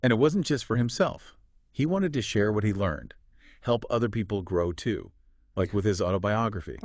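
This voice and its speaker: A man with a low voice hosts a podcast in an easy, conversational way. He keeps things upbeat, tossing out quick, clipped phrases. The sound is dry and close, with no room around it. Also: lively intonation, a little mellow, no echo. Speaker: podcast host. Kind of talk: casual podcast chat.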